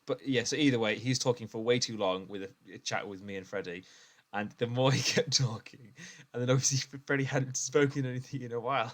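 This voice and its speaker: A man from the UK co-hosting a podcast, telling stories in casual chat and laughing often. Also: medium pitch. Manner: animated storyteller, laughs often. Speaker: podcast co-host.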